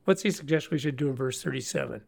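A man's voice: mid-range voice, fast talker, gravelly. A middle-aged man hosting a conversational Bible discussion, earnest and folksy, often repeating words as he starts a thought. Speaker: Bible study host.

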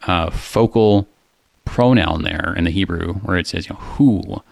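Casual co-host, male, deep voice, dry close sound, thinks aloud with frequent fillers. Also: measured pace, vocal fry, dry recording. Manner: thoughtful, many fillers and restarts. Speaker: co-host discussing a psalm. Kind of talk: casual theological discussion.

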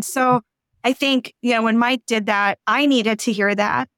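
A middle-aged woman talking frankly and earnestly as a guest on a podcast interview, going on at length and rising high when exasperated. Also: fairly even intonation, a little slow, a bit bright, smooth, dry recording.

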